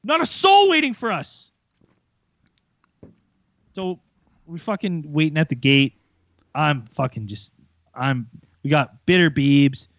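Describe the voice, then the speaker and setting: A young man co-hosting a podcast, telling a story in a lively, profane way and acting out the voices of others. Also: on the high side, slow, pauses often, no echo. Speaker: podcast co-host. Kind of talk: casual storytelling chat. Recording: muffled lo-fi sound.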